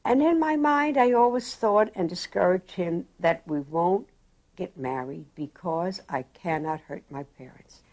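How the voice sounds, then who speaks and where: An elderly woman tells her life story at an unhurried, reflective pace. Her voice sits a little low, and she acts out the people she quotes. It sounds like an oral history interview. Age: older. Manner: slow, reflective, animated in quotes.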